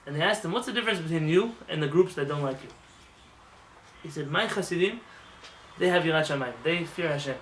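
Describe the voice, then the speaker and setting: Male rabbi, fast animated sermon, raised pitch, roomy hall sound. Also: recorded from a distance, a little hiss or hum. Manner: animated, acts out voices, jokes with the congregation. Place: synagogue. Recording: roomy hall with faint ambience.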